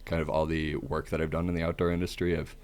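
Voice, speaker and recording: A young man, a podcast guest and comedian, talking casually in a deep, monotone voice, relaxed and self-deprecating with hesitant fillers. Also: quick pace, clear, resonant tone. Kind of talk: casual interview chat.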